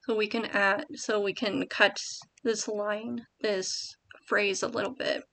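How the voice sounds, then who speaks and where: A woman vlogger thinking aloud about writing, soft and hesitant, often correcting herself. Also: medium pitch, flat delivery, slow, creaky. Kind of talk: thinking aloud while typing.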